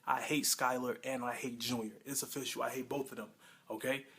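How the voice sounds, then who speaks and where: A man talks through a TV episode in a loose, excitable way, often correcting himself mid-sentence. His voice is a bit husky, at an ordinary middle pitch for a man. It sounds like a casual home video review. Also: a little fast. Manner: excitable, rambling, frequent fillers and self-corrections. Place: home room with a pet nearby.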